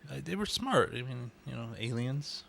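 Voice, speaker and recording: A man's voice: mid-range voice, lively intonation, moderate pace, gravelly, a bit bright, a little hiss or hum. A man co-hosting a casual movie commentary, chatty and musing, often trailing off mid-thought. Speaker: podcast co-host.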